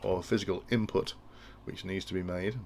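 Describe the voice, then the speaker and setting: A man's voice: sits low, steady tone, a little fast, creaky, a little mellow. A man explaining industrial control logic in a tutorial, thinking aloud and often restarting his sentences. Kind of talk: technical tutorial walkthrough.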